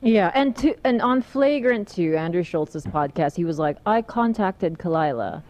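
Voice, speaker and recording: A woman's voice: fairly low pitch, lively intonation, moderate pace, darkish tone. A woman, a podcast guest, earnestly explaining her side. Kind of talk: casual interview talk.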